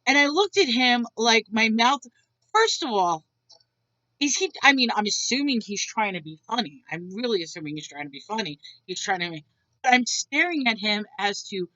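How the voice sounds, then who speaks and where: Woman, ranting vlog, exasperated, blunt, swears a lot, bright forceful voice, dry lo-fi sound. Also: a little high, sing-song, moderate pace, dry recording. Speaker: vlogger. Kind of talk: venting rant to camera.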